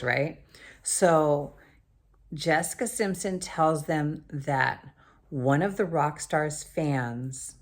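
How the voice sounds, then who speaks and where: A woman chatting casually as she recaps a TV episode, rambling and often trailing off into quiet mumbled asides. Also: low voice. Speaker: TV recap vlogger.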